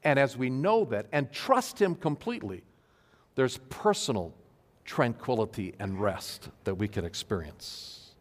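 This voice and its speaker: A male pastor giving an earnest sermon to his congregation, stressing key phrases slowly. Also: medium pitch, very animated. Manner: earnest, emphatic preaching with slow stressed phrases. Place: church sanctuary. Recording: long hall reverb.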